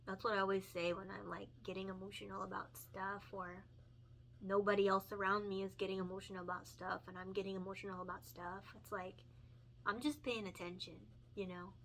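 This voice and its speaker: Slight background noise sits under her fairly quick, a bit bright voice, medium in pitch with little pitch movement. A young woman and picture book illustrator, she chats earnestly while coloring, with many fillers, self-corrections, and frequent laughs, sounding emotional and encouraging.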